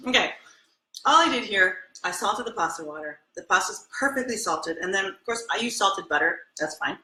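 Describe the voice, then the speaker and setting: Bubbly, bright-voiced woman cooking host. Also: medium pitch, brisk, roomy sound, rough recording. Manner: bubbly, chatty, excitable. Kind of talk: live cooking demonstration. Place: home kitchen.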